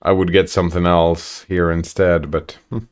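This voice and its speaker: With a smooth voice that sits low, this man speaks at a moderate pace and with flat delivery. He streams a game and keeps things laid-back and chatty, reading viewer messages aloud between bits of casual gameplay commentary.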